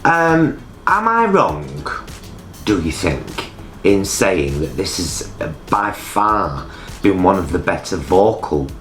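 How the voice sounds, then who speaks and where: A man with a lowish voice that rises and falls a lot, co-hosting a relaxed, teasing chat. He stretches words out for playful emphasis. The room rings with echo, and faint music plays behind him. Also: slow pace. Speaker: co-host. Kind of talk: casual chat reviewing a TV show. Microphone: laptop setup.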